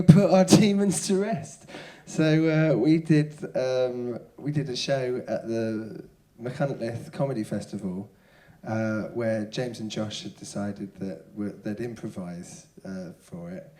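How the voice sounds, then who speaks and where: A comedian guest telling a funny story in casual chat, often breaking into shouts and laughter as he acts out the people in it. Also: mid-range voice, a little slow, hardly any pauses. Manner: lively storytelling, shouting out quoted hecklers, laughing. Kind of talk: casual anecdote. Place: stage before a live audience.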